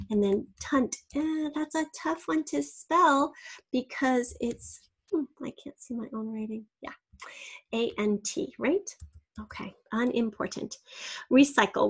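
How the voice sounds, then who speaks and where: A woman with a fairly high, breathy voice teaches a spelling lesson. She sounds words out syllable by syllable with patient care. Now and then she drops to a soft near whisper for a quick aside.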